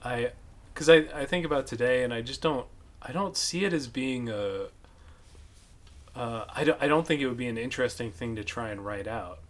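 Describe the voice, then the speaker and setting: A man's voice: medium pitch, normal speed. A man in casual conversation, talking hesitantly with many restarts. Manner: hesitant, restarts, laughs easily.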